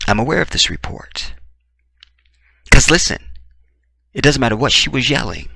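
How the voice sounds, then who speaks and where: A man giving opinionated true-crime commentary, talking in an emphatic, animated way with blunt, profane remarks. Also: medium pitch, measured pace, creaky, pauses often, dry recording. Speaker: commentary vlogger.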